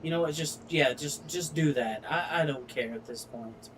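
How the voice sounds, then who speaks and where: This man's voice sits fairly high and sounds a little bright, with a touch of hiss or hum. He's a gaming streamer narrating his play in a slow drawl, cursing freely and talking himself through every move out of frustration.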